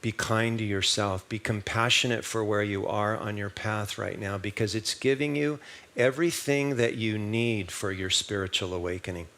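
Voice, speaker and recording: A man with a fairly low voice preaching a sermon. He talks in an easy conversational way, tells stories and keeps asking the congregation rhetorical questions. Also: normal speed, a bit bright. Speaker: minister. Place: church service.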